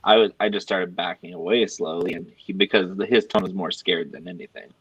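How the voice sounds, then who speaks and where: This podcast co-host has a low-pitched, slightly breathy voice and a fairly quick pace. He casually rambles through a lengthy story for his friends, acting out the quoted lines with energy, on a dry, dull lo-fi recording without echo.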